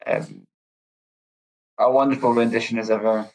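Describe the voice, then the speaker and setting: A man's voice: medium pitch, steady tone, normal speed, rough recording. A man appearing as a guest on a casual podcast, giving his views hesitantly and thoughtfully.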